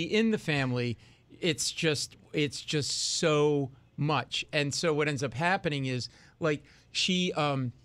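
A man's voice: fairly high pitch, no room sound. A man, a comedian guest telling stories in a casual radio chat and acting out other people's voices. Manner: animated storyteller, acts out voices of others. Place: lives in New York City.

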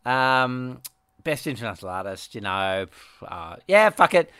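A middle-aged man with a smooth, resonant voice, talking in a dry, close-up sound. He rambles through his stories and keeps restarting his sentences. He laughs easily as he chats. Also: medium pitch, very animated, measured pace, bright, forceful tone, no room sound. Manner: rambling storyteller, laughs often, many restarts. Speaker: podcast co-host, musician. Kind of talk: casual chat.

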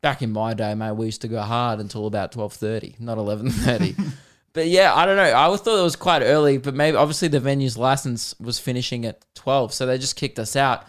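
A podcast host in his thirties speaks in a mid-range voice at a slightly fast clip. His accent is Australian, and on his comedy show he's recounting an exasperated tale, laughing and cursing plenty.

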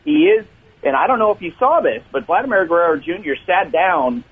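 A man's voice: high-pitched, wildly swooping pitch, a little fast, gravelly, slight background noise. A male sports reporter calling into a radio show, talking baseball in a joking, conversational way over the phone. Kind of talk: casual sports talk radio. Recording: phone line.

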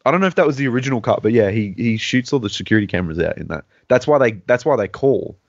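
An excitable man hosting a casual podcast chat, rattling off thoughts in quick bursts. His voice sits in a middle range and sounds dry and close. The recording is dull and lo-fi. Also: mid-range voice, dry recording. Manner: excitable, quick bursts of talk, frequent laughter. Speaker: podcast host. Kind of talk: casual chat among friends.

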